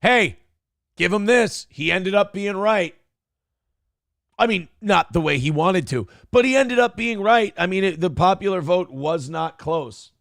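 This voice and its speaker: A man's voice: sits high, a little slow, creaky, fairly bright tone, dry recording, clean studio sound. A man hosting a talk show, reacting to clips with sarcastic, profane commentary and mocking asides. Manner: sarcastic, mocking, swears freely. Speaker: show host.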